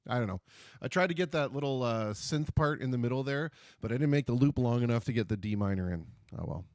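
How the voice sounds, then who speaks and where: A man's voice: mid-range voice, animated, fast talker, a little mellow, dry recording. A man hosting a casual livestream, talking at his computer with jokey, self-deprecating asides and puns. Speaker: livestream host.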